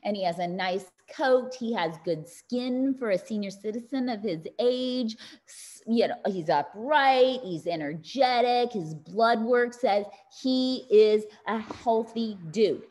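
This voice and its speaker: A woman's voice: fairly high pitch, slow pace, a little mellow. A woman giving a motivational wellness talk, telling stories with animation and speaking directly to her audience.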